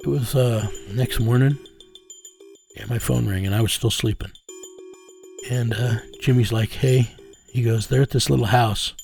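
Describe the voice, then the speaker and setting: A man's voice: medium pitch, steady tone, unhurried, creaky, pauses often, darkish tone, faint music behind. A middle-aged man, telling a first-person story in a plain, conversational way and acting out the dialogue. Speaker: private investigator.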